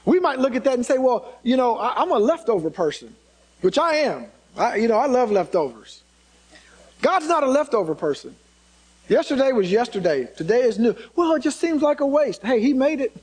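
A pastor preaches in a high, bright-pitched male voice. He presses his points by repeating single words and calling out to the congregation between thoughts. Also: poor audio. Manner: emphatic preaching, repeats key words, calls out "come on". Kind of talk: sermon.

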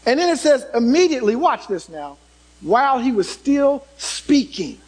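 A man preaching a sermon, turning dramatic as he swings from loud emphasis to hushed tones and puts questions to the congregation. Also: very high voice, big pitch swings, a little slow, poor audio.

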